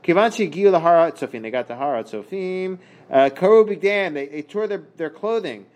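A man teaching a Talmud page in a casual lesson. He reads Hebrew and Aramaic passages aloud, translates them, and talks haltingly, with many fillers and restarts. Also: high voice, lively intonation, darkish tone. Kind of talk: casual daf study lesson.

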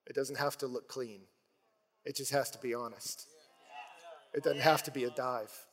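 A man's voice: mid-range voice, normal speed, long reverb tail. A male pastor preaching a sermon, retelling scenes and acting out the voices in them. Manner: animated storytelling, acts out voices in quotes.

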